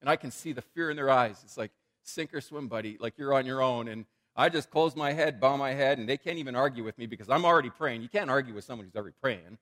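A man preaching a sermon as a pastor, in a conversational, animated way with frequent repetitions. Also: medium pitch, quick pace, few pauses.

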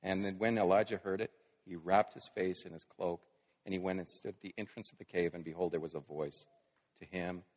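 A man preaching a sermon, dramatic, moving between hushed quiet lines and loud scripture reading. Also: deep voice, fairly even intonation, fairly quick. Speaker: pastor. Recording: long reverb of a large hall.

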